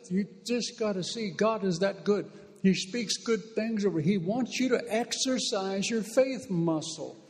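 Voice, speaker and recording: A man preaching a sermon into a microphone, emphatic and fervent, with repeated declarations. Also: high-pitched. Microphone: handheld microphone. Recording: echoey hall reverb.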